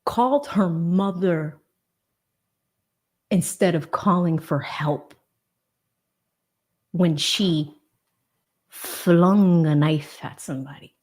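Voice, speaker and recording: Woman doing a true crime livestream, slow deliberate talk, fired up and emphatic, talks right at chat. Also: lowish voice, darkish tone. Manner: indignant, emphatic, talks straight to viewers. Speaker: livestream host.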